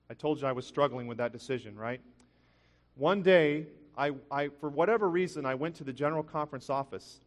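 A man preaching a sermon, telling a personal story earnestly, with frequent restarts. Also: mid-range voice. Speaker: pastor. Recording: long hall reverb.

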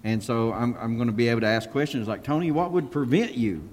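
A pastor telling lively stories and acting out the quotes as he goes. His voice sits at a middle pitch, and a long reverb trails behind it in the room. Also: fast. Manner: animated storyteller who acts out quotes and laughs. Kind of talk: casual panel discussion.

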